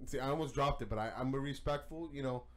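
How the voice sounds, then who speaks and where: A man's voice: mid-range voice, fast, a bit bright, a little hiss or hum. A man co-hosting a card game podcast, ranting heatedly with lots of swearing and stammered restarts. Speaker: podcast co-host. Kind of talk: casual podcast rant.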